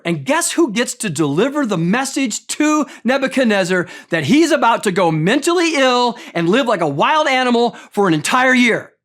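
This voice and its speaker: A man's voice: very high-pitched, very animated, normal speed, few pauses, a bit bright. A male pastor preaching a sermon in a conversational, emphatic way, often putting direct questions to the congregation.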